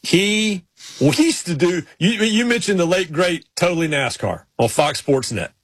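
Husky-voiced man on a sports talk show. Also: high voice, lively intonation, dry recording. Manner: rambling, with quick restarts and folksy impressions. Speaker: radio sports show co-host. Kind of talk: casual storytelling chat.

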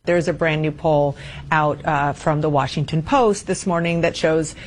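A woman news anchor in a played TV clip, reporting poll figures in a measured way, with distaste. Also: low-pitched, fairly even intonation, a little hiss or hum. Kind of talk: televised news discussion.

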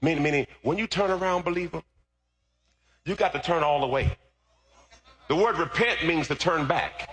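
A male pastor preaching a sermon, moving from relaxed storytelling to loud, fervent, shouted preaching. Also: on the high side, moderate pace, breathy edge.

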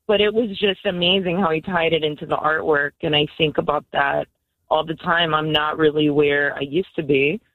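A woman from Florida calling in to a radio show, telling an animated story about her son. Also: deep voice, moderate pace, dry recording, phone-quality sound. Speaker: caller. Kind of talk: call-in radio testimony.

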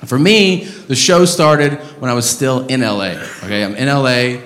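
A man doing stand-up comedy on a club stage, ranting loudly and profanely in animated bursts. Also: medium pitch, moderate pace, slight background noise. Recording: roomy club with audience laughter.

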